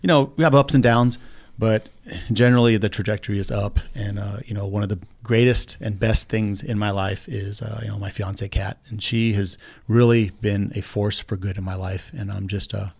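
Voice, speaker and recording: A man's voice: lowish voice, fairly even intonation, normal speed, creaky, darkish tone, dry recording. A man appearing as a guest on a podcast, talking earnestly and gratefully in a loose, rambling way. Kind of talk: casual podcast conversation.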